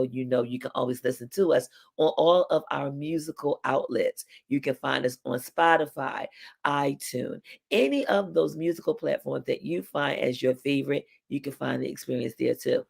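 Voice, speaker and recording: A man's voice: on the high side, gravelly. A man hosting a live-streamed music show, upbeat and chatty, talking straight to his audience. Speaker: host.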